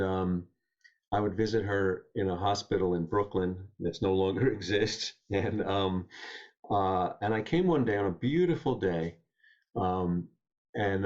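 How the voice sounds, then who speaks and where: Male poet guest, low, unhurried storyteller; muffled recording. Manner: gentle, unhurried, reflective. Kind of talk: reflective storytelling and poetry reading.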